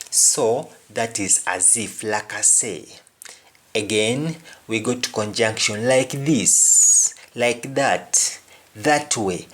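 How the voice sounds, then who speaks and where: A man gives a spoken language lesson at a slow, measured pace. He says each example phrase twice before explaining what it means. His delivery is deliberate and patient. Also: lowish voice. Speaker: language teacher.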